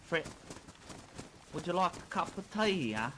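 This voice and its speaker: A man putting on a mock-posh British accent to play a prim English gentleman offering tea, teasing and mincing. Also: on the high side, big pitch swings, a little slow, a crowd in the background, rough recording. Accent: British, put on.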